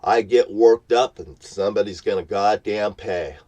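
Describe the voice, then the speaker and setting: A man's voice: on the low side, moderate pace, a little mellow. A man ranting at the camera from his parked vehicle in a profane, threatening, preachy tone. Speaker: vlogger.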